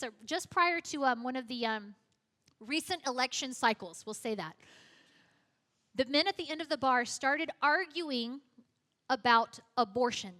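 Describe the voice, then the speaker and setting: Bright high-voiced woman telling a story. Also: long reverb tail. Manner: lively storyteller who acts out dialogue. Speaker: guest speaker at a church. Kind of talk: storytelling sermon.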